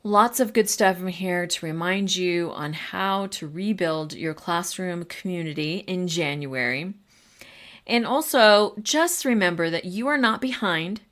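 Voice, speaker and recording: Woman podcast host, middle-aged, lowish voice, unhurried, encouraging, conversational. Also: a bit bright. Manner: conversational, with fillers and asides. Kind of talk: encouraging podcast talk to teachers.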